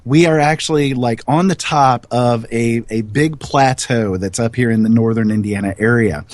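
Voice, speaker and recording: A man in casual chat, rambling through a long explanation with animated asides. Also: mid-range voice, normal speed, no echo.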